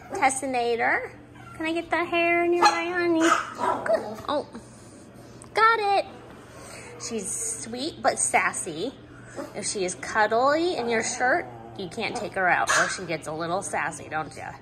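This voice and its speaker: A woman at home coos affectionately to her dogs, her pitch swooping high and low at a slow, easy pace. The home video picks up dogs moving and yipping around her. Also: noisy background. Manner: affectionate baby talk to pets. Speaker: dog owner. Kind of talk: casual pet vlog.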